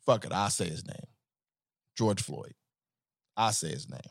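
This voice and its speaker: A man hosting a podcast in a casual solo monologue, profane and animated, swinging between joking and earnest talk. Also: low-pitched, unhurried, gravelly, breathy edge, dry recording, studio quality. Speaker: podcast host.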